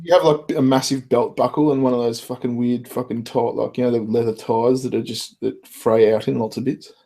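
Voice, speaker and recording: A man hosting a casual chat, blunt and quick to swear. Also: mid-range voice, steady tone, creaky, mellow. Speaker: host.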